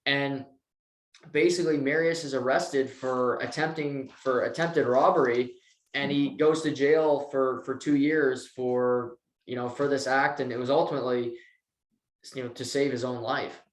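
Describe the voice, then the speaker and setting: A man in casual podcast chat, retelling scenes with animated quotes and quick bursts of speech. His voice sits at an everyday pitch and carries a noticeable room echo. The mood stays loose and conversational. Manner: animated storytelling, acting out quotes. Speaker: podcast co-host.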